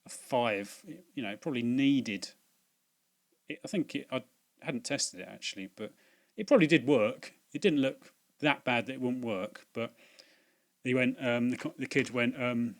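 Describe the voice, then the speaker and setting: At dusk in a room at home, a male host records a casual unboxing vlog on his laptop's built-in mic. His medium-pitched voice moves at normal speed with long pauses as he rambles chattily about things he bought, using many fillers.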